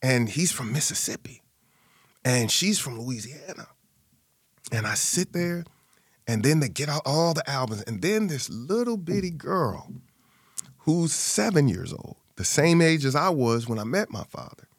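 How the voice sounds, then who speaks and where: A man's voice: a little slow, slightly rough, no room sound, studio quality. A man telling a personal family story in an interview, acting out the people he quotes. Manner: animated, acts out quoted voices with big pitch jumps. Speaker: guest.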